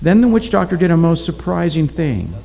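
A man narrating a story aloud in a steady, deliberate reading style. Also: on the high side, creaky, low-quality recording.

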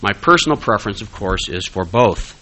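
A man's voice: lowish voice, lively intonation, a little fast, pushed and bright, slight background noise, low-quality recording. A man giving a conversational lecture-style talk, with frequent "uh" fillers, restarts and rhetorical questions.

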